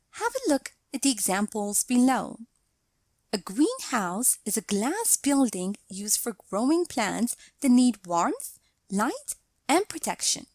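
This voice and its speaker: A woman narrating a scripted English grammar lesson, explaining each point in a deliberate, measured way. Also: on the high side, no room sound.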